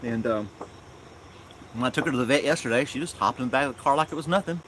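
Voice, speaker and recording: A man's voice: mid-range voice, background noise. Easygoing man chatting in his yard. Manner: rambling, unhurried, with fond baby talk to his dog. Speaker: live streamer. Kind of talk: casual live-stream chat. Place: outdoors in a yard.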